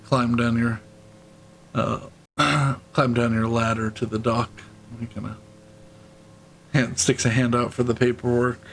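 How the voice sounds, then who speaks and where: A man narrating a tabletop game as game master, halting with many fillers, often clearing his throat and laughing. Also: mid-range voice, little pitch movement, a bit bright, low-quality recording.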